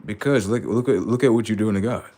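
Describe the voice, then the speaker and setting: A man with a lowish voice preaching to his live chat, rambling and profane. His street slang runs throughout, and his delivery swings between quiet, low mutters and sudden high shouts. A faint hum of noise sits underneath. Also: fast talker. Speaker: livestream host. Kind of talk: live stream talk to chat.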